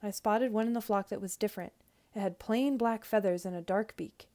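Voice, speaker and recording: A woman's voice: mid-range voice, brisk. Woman teacher reading a picture book aloud. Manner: clear, expressive storytelling.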